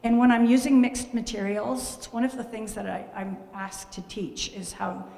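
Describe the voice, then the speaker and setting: A woman glass artist from Canada giving a lively gallery talk about her work, telling stories with exclamations and jokes at her own expense. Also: mid-range voice, normal speed, vocal fry. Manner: animated storytelling, exclaims and jokes at herself. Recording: echoey hall with long reverb.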